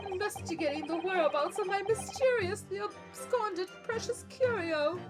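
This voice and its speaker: A woman voicing a fussy, pompous old gentleman in a courtroom game. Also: extremely high pitch, moderate pace, over loud music, pitched above the performer's own voice.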